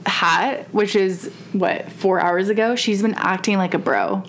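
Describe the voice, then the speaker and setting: A woman's voice: medium pitch, a little slow. A young woman in her twenties co-hosting a podcast in casual, teasing chat, laughing often and filling with "like" and "um". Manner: giggly, teasing, lots of fillers. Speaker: podcast co-host.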